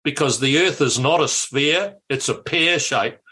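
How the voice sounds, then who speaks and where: An older man tells stories from his political career as a guest on a radio show. His voice is bright and forceful, and he is lively and quick to restart his sentences. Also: fairly high pitch, slightly rough. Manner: lively storyteller, repeats words at starts. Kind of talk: anecdotal interview chat.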